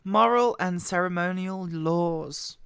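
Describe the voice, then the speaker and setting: Hoarse woman reading slowly, close-miked. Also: no room sound. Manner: quiet, halting, voice wobbling in pitch. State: hoarse from a bad cold. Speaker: Bible reader. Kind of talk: slow scripture reading. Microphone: very close to the microphone.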